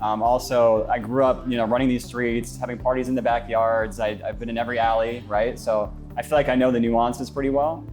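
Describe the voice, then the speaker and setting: A man from the Phoenix area, a business owner, giving a confident, brisk tour and interview inside his office. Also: medium pitch, little pitch movement, darkish tone, faint music behind. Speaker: guest, brokerage owner. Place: inside a real estate office.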